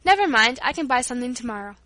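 A woman's voice: a little high, lively intonation, racing, sharp tone, no echo. A woman reading the lines of a shy, generous young niece who speaks timidly and appealingly, in a storybook reading.

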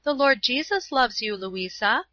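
An earnest, kind young woman who pleads warmly and eagerly, as a woman reader voices her. The voice is bright and high. The recording is dry and somewhat dull. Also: expressive, unhurried, no room sound. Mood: earnest, pleading.

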